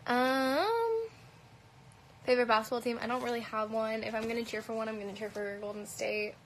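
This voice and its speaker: A woman with a light Canadian accent chats casually on a phone livestream held at arm's length, answering comments bluntly and profanely with plenty of "um"s and "like"s. Her voice is on the high side and a little fast, and the rough recording has a bit of hiss or hum.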